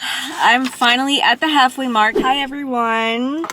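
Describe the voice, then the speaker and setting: A woman's voice: high voice, fairly even intonation, a little slow, bright, forceful tone, slight background noise. A woman book vlogger talking casually through her conflicted thoughts on a novel, thinking aloud as she goes. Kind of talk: casual book review talk.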